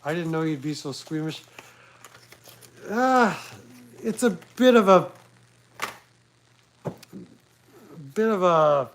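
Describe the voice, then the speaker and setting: Livestreaming from a laptop at home, a man chats casually, rambling along with crude, self-mocking humor. His voice sits a little high and sounds animated, yet he speaks slowly with long pauses. The recording is rough, with a slight hiss or hum.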